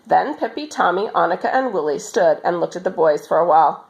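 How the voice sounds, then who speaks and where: Expressive woman reading a children's story. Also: lowish voice, fairly quick, creaky, poor audio. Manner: expressive, animated.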